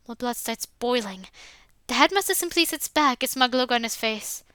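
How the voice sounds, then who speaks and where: Bright clear-voiced woman narrating a visual novel. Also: a little high, lively intonation, moderate pace, few pauses, no echo. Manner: casual asides, filler "like". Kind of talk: reading a visual novel aloud with commentary.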